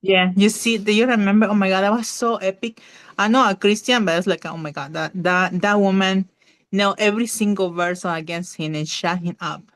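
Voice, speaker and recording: A woman's voice: mid-range voice, steady tone, a little fast. A woman co-hosting a podcast in casual chat, hesitant and full of fillers as she hunts for words. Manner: hesitant, many fillers and restarts. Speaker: podcast co-host.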